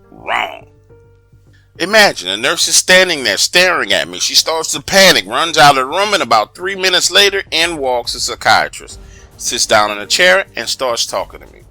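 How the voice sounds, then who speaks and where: A man telling a comic first-person story in an animated, profane, emphatic way, often turning to address his listeners directly. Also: a little high.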